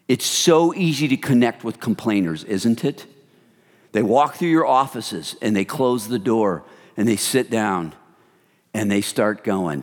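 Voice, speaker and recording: A male pastor giving an animated sermon to a congregation, sometimes dropping into hushed voices to act out gossip. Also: fairly low pitch, measured pace, long reverb tail.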